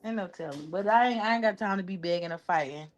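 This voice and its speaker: A woman's voice: fairly low pitch, quick pace, muffled recording. A woman co-hosting a casual livestream, trash-talking bluntly and cussing freely. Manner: blunt, profane trash talk.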